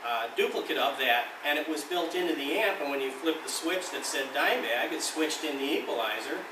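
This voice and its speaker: A man's voice: fairly high pitch, lively intonation, a little fast, echoey room, far from the mic, background noise. A man being interviewed about an amplifier he designed, speaking casually and loosely with some mild swearing.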